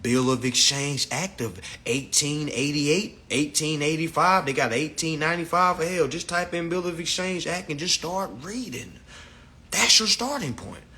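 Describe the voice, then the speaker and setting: Blunt, profane man lecturing a live stream. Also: normal speed. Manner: profane, blunt, lecturing, animated swings in pitch. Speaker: live stream host teaching a class.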